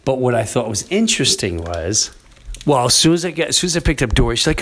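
A man's voice: mid-range voice, fast talker. Middle-aged man telling a rambling family story. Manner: rambling, animated storyteller who acts out quoted family members. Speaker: podcast host. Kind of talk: casual storytelling chat.

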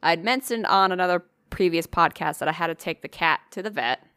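A woman's voice: lowish voice, brisk, pushed and bright, smooth, no room sound, studio quality. A woman co-hosting a podcast, telling a story in casual chat, swearing freely and acting out the voices of the people in it. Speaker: podcast co-host.

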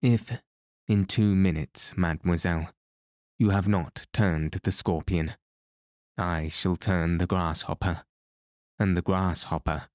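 A man reading the lines of a coldly calm, mocking masked male madman in an audiobook. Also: deep voice, takes it slowly, no echo, studio quality.

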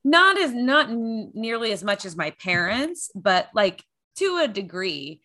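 A woman's voice: a little high, big pitch swings, unhurried, bright, forceful tone. A young woman from Texas co-hosting a casual podcast, a former TV news reporter who trades playful one-liners and joking asides. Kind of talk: casual chat.

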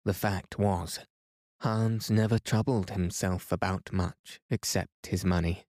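A man reading a classic novel aloud as a calm bedtime story, soft and even. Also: low-pitched, slow, no room sound, studio quality.

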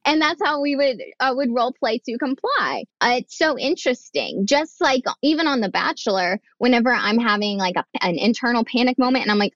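A young woman, a podcast guest, speaks a little high and a little fast with few pauses, telling candid stories. She's animated, acting out quoted voices with a frank, sometimes profane edge, and her voice sounds dull, slightly lo-fi, dry and close with no room echo.

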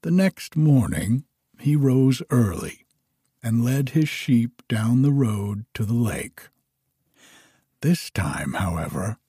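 A man narrating a fairy tale in a slow, measured, expressive storybook reading. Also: medium pitch, husky, dry recording, clean studio sound.

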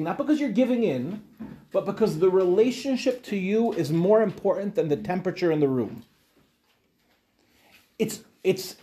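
A man's voice: high-pitched, warm tone. A man, a rabbi, teaching a Torah class to young women, talking animatedly with rhetorical questions and retold dialogues.

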